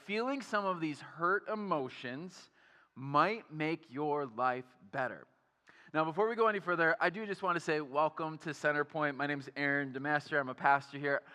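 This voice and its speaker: Energetic young pastor preaching in a reverberant hall. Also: male voice, high-pitched, smooth. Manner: energetic and conversational, with many fillers and questions to the audience. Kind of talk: sermon. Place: church auditorium.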